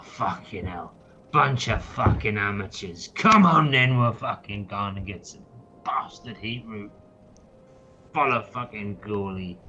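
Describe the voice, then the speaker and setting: A man's voice: fairly low pitch, noisy background. A man voicing a stunted, surly male satyr guide who swears constantly, grumbling, on a dull lo-fi mic.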